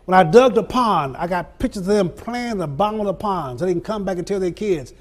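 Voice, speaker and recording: An older man with a notably high voice delivers a live motivational speech to an audience. He stacks his phrases in rhythmic repetition and lets dramatic pauses land. He often laughs through his own stories. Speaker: motivational speaker. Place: event venue before an audience.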